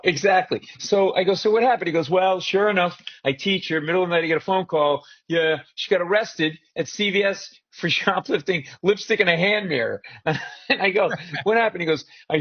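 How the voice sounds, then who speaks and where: A man, a comedian, chatting as a guest and telling a story with animated, joking delivery. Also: high-pitched, fairly quick. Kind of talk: casual chat. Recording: muffled remote audio.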